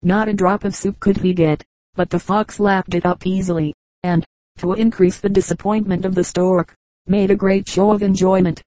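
A woman reading fables aloud as an audiobook narrator, measured and even, on a close mic. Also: medium pitch, no echo, rough recording. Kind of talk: scripted storybook narration.

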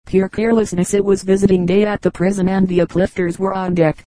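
Female reader for comic anecdotes; steady delivery, mellow timbre, dry recording. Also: fairly low pitch, fairly quick, hardly any pauses, dry recording, rough recording. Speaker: audiobook reader. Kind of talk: reading humorous anecdotes aloud.

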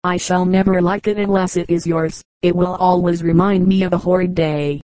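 A woman's voice: fairly low pitch, steady tone, normal speed, dark tone, no room sound, close to an everyday voice. A woman voicing a girl, a sulky and cross older sister, in a storybook reading, speaking curtly. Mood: earnest. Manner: cross, curt.

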